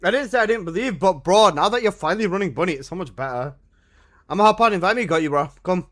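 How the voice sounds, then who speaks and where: A man streaming a game live, chatting casually with loose, excitable gamer slang. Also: high voice, fast talker.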